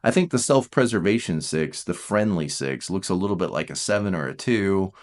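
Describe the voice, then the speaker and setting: A man coaching on personality types, talking casually to his viewers, animated, mimicking them in playful voices and dropping to slow, quiet emphasis. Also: deep voice. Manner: animated, jumps into playful mock voices of the listener; drops to slow, quiet emphasis on key points. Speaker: Enneagram coach. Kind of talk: casual talk to camera.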